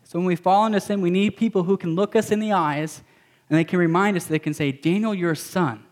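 A man's voice: high voice, steady tone, quick pace. A man preaching a sermon as a pastor, emphatic and repetitive, mixing in casual slang.

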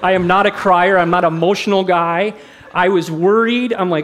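A man's voice: sits high, steady tone, normal speed, fairly bright tone. A middle-aged man, a pastor, preaching a sermon in a candid, conversational way, mixing personal stories with teaching. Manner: candid, conversational, self-deprecating.

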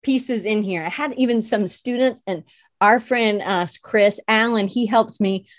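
A woman's voice: on the high side, a little slow, no echo, studio quality. A woman hosting a podcast in casual chat, rambling and playful, often self-deprecating, with lots of "like" fillers. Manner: rambling, chatty, many "like" fillers. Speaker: podcast host and illustration teacher.

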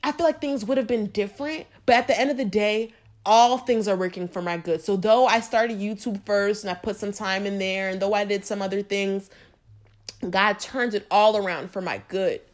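A woman's voice: mid-range voice, moderate pace. A young woman hosting a podcast, talking earnestly and emotionally about faith straight to her listeners. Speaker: podcast host. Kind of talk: heartfelt faith talk.

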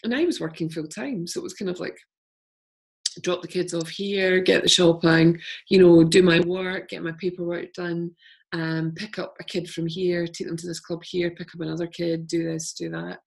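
A middle-aged woman with a Scottish accent talks in a relaxed, reflective way, breaking into easy laughter. Her voice sits a little low. She is a guest in a casual podcast chat. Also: moderate pace, creaky. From Scotland. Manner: reflective, chatty, laughs easily. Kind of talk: casual conversation.

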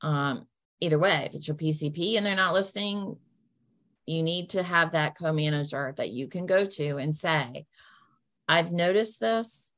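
A woman's voice: low-pitched, normal speed, a bit bright. A woman answering questions with practical, down-to-earth advice, acting out polite phone lines as examples. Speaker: patient advocate answering questions.

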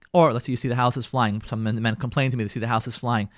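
A man's voice: mid-range voice, racing, hardly any pauses, no echo, studio quality. A man giving a class as a rabbi, talking emphatically, repeating key phrases and mixing in Yiddish words. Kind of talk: lively lecture to a live class.

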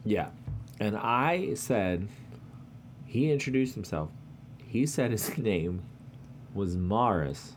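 A man's voice: lowish voice, lively intonation, slow pace, a little hiss or hum. A man co-hosting a radio show, teasing the others and telling anecdotes. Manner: storytelling, teasing. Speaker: radio co-host. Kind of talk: casual on-air banter.

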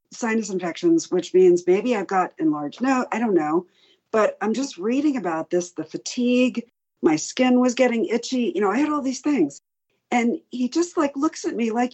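A woman's voice: a little high, husky, muffled recording. A middle-aged woman, a patient advocate, candidly retelling her story in an interview, acting out the doctors' lines as she goes. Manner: candid, animated retelling with quoted dialogue. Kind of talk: personal story told in an interview.

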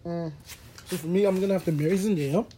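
A young man guesting on a podcast, chatting casually and teasing the others with quick interjections. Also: sits high, warm tone, a little hiss or hum. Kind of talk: casual chat.

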